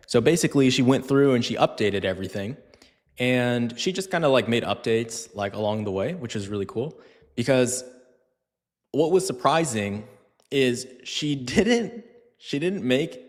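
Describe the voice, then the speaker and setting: Casual male dog trainer, echoey hall. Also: fairly low pitch. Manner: casual, chatty, lots of fillers, acts out scenes in funny voices. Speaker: dog trainer answering viewer questions. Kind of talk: live Q&A stream, casual talk.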